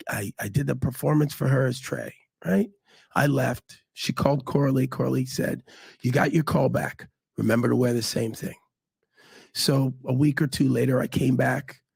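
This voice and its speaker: Gravelly, animated man telling stories. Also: dry recording. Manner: animated, acts out quotes with big pitch jumps. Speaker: guest. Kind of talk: storytelling in a casual interview.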